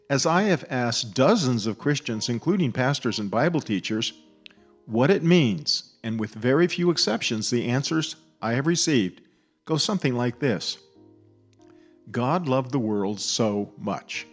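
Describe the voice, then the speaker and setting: A man giving a scripted, measured Bible teaching who slows to stress key words. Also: mid-range voice.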